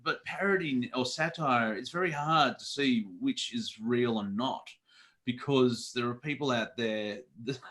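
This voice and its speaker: A man's voice: medium pitch, a bit bright. Man, chatty guest, giggly storyteller, loose rambling delivery. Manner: rambling, laughs often, trails off mid-sentence. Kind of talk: casual chat.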